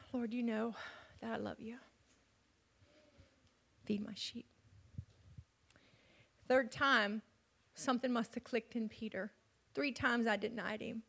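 A woman preaching a sermon, telling the story dramatically, dropping to near whispers and building to loud emphatic peaks. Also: a little high, vocal fry.

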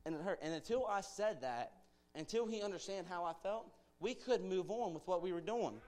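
A man's voice: high voice, expressive, normal speed, darkish tone. A young man giving an informal, earnest church sermon as a guest speaker, urging his listeners on with conversational asides.

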